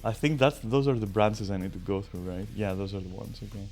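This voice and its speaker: A man's voice: fairly low pitch, fairly even intonation, brisk, creaky, a little mellow. A man casually narrating his video game play to viewers, joking crudely and swearing often. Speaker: streamer. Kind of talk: casual gaming commentary. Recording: faint game music behind. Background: game music.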